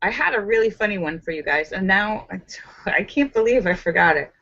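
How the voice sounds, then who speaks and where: A woman's voice: mid-range voice, animated, brisk, gravelly, bright, forceful tone, muffled recording. A woman hosting a live stream, chatting casually and reading jokes aloud, giggling often. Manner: giggly, chatty, laughs between lines. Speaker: host of a live joke stream.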